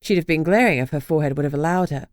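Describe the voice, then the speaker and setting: A woman's voice: low voice, very fast, dry recording. A woman narrating a first-person fantasy audiobook with a dry, wry delivery.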